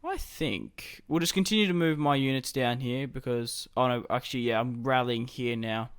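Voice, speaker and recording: A man's voice: medium pitch, moderate pace, clean tone, no room sound, studio quality. A man casually commenting on his strategy game as he plays, thinking aloud about his moves. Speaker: gaming YouTuber.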